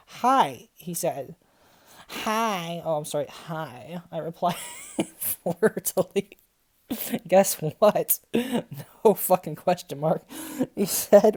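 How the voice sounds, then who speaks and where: A woman's voice: fairly low pitch, mellow. Exasperated young woman reading aloud. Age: young adult. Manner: exasperated, swearing, filler-heavy, frequent laughter. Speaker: graduate student reviewer. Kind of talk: comedic dramatic reading with commentary.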